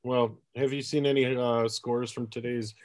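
A man hosting a casual sports podcast, talking in a rambling, halting way with lots of fillers. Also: mid-range voice, little pitch movement, darkish tone, dry recording, clean studio sound. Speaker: podcast host.

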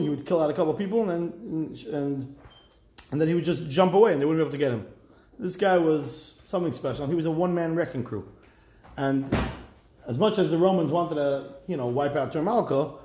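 A man teaching a Talmud class, reading each line and retelling it as a lively story with wry asides. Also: on the high side, brisk, reverberant.

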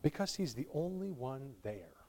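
A male pastor delivers a sermon in a medium-pitched voice at a normal pace, his pitch swinging widely. He moves from quiet reflection to loud, pleading emphasis and laughs warmly between points.

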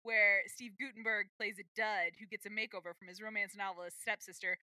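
A woman's voice: medium pitch, steady tone, a little fast, bright, forceful tone, no echo. A woman co-hosting a podcast, chatting casually with enthusiastic, rambling asides. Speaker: podcast co-host. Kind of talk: casual chat.

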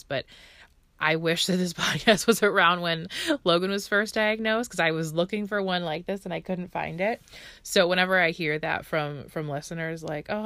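A woman's voice: on the low side, a bit bright, no room sound. A woman in her thirties hosting a personal podcast, talking in a heartfelt, emotional way and laughing now and then. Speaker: podcast host.

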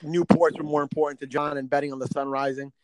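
A man's voice: a little high, flat delivery, fast talker, poor audio. A young man from New Jersey co-hosting a podcast in casual, profane banter, rambling with lots of filler words. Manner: loose, rambling, heavy on filler words and swearing. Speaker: podcast co-host.

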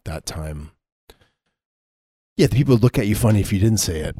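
Man, very deep voice, deadpan co-host, dry close sound. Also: fairly quick, breathy edge, no room sound. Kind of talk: casual comedic chat.

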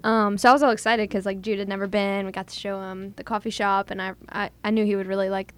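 A woman's voice: mid-range voice, level tone, fast. A young woman, chatting casually and acting out what others said as she tells a story. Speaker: guest telling a proposal story. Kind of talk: casual chat.

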